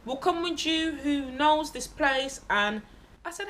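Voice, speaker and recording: A woman telling a casual travel vlog story, candid and expressive, swearing freely and acting out the people she met. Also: high voice, slow, a little hiss or hum. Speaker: travel vlogger.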